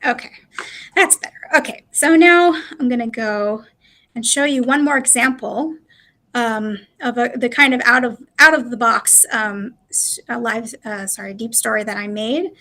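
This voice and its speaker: A woman's voice: on the high side, normal speed, bright, forceful tone. A woman presenting a live webinar walkthrough, chatty and explanatory, with frequent fillers. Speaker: presenter of a live product demo.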